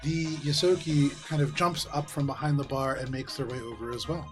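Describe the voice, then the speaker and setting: Relaxed game-master man narrating. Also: medium pitch, brisk, soft background music. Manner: descriptive, relaxed, frequent ums.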